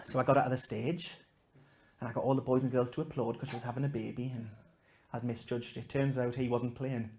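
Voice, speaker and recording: Self-mocking stand-up comedian. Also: male voice, mid-range voice, little pitch movement, fairly quick. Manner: self-mocking, swings from loud punchlines to hushed asides. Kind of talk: stand-up storytelling to a live audience. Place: comedy gig before a live audience.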